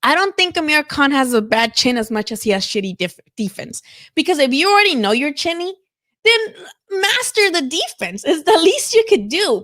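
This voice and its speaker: A woman's voice: high-pitched, fairly bright tone. A woman hosting a live boxing talk stream, chatting casually and animatedly, swearing freely and filling with "like" and "you know". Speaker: boxing show host.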